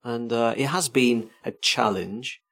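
A man's voice: mid-range voice, takes it slowly, creaky, a bit bright. A man co-hosting a podcast in casual chat, telling stories with self-mocking humour. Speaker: podcast co-host.

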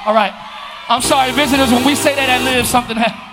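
A man preaching a live sermon as pastor, shouting and calling out to his congregation. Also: extremely high pitch, level tone, racing, over loud music, over a noisy crowd. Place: church sanctuary.

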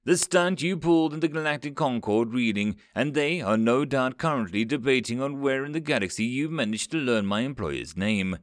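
A polished, secretive male alien envoy, polite and faintly amused, as a man voices him in a story reading. His pitch moves in a lively way. The sound is close and dry. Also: normal speed, few pauses, dry recording, close to an everyday voice. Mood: composed.

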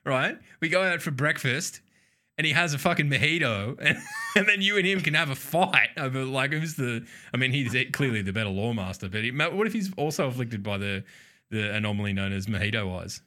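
A man chats loosely on a podcast, swearing freely and breaking into laughter often. His voice has a bright, forceful edge that cuts through, landing at a middling pitch for a man. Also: animated, fairly quick. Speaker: podcast co-host. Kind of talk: casual chat.

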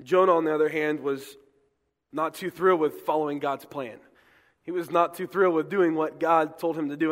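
A man preaching a sermon as pastor, fast and emphatic, often repeating words as he pushes ahead. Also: fairly high pitch. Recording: long hall reverb.

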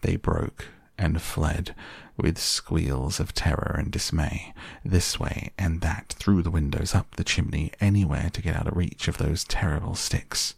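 A man reads a storybook tale aloud in a very deep, gravelly voice, taking it slowly and dramatically. The sound is close and dry with no room to it. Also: no room sound. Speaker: narrator. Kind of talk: storybook reading.

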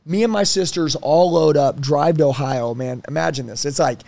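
A man in his thirties telling personal stories in a casual interview, blunt and animated, swearing freely. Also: a little high, normal speed, vocal fry, dry recording. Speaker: guest.

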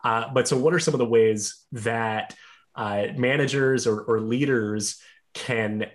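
A man's voice: medium pitch, measured pace. A man hosting an interview, asking long, thoughtful questions about managing staff. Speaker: interviewer, podcast host.

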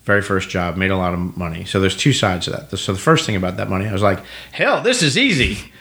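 A man's voice: sits low, quick pace, creaky. A middle-aged man casually telling stories about his acting career, acting out the people he quotes. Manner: animated storyteller acting out quoted dialogue. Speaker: guest actor. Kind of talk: casual storytelling.

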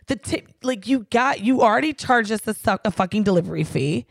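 A woman co-hosting a casual podcast, ranting in an animated way and swearing freely. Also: fairly high pitch, brisk, vocal fry, few pauses, no echo. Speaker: podcast co-host.

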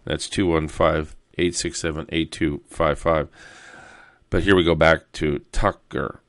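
A man's voice: rumbling low, fairly even intonation, unhurried, dry recording, studio quality. A man hosting a call-in talk radio show, rambling heatedly and repeating himself.

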